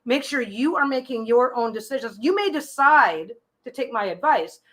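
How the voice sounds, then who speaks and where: A slightly high-voiced woman gives live tarot readings in a loose, chatty way. She stumbles and repeats herself as she thinks aloud, then settles into reassuring advice. Her pitch sits a little above the usual. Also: animated, moderate pace, fairly bright tone. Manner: chatty, frequent restarts and repeated phrases. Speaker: tarot reader hosting a live stream.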